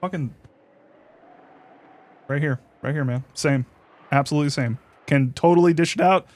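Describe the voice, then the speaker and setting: A man's voice: a little high, normal speed, darkish tone. A man streaming a visual novel, reading its text aloud and commenting casually, swearing freely and laughing often.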